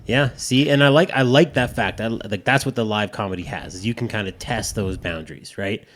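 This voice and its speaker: A man's voice: lowish voice, brisk, a bit bright. A man chatting casually as a podcast host, rambling and swearing freely with lots of restarts. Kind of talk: casual chat.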